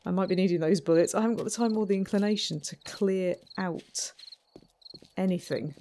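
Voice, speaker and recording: A woman's voice: mid-range voice, a little fast, mellow, a little hiss or hum. A woman hosting a let's play, commenting on her own game in a chatty, self-mocking way with frequent giggles. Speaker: gaming channel host.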